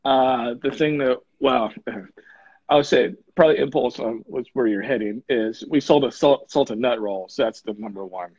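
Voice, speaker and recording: Husky-voiced man on a dull call line. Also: medium pitch, normal speed, a little mellow, no echo. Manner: easygoing, laughs often. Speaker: hardware store owner, guest. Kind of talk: casual interview chat.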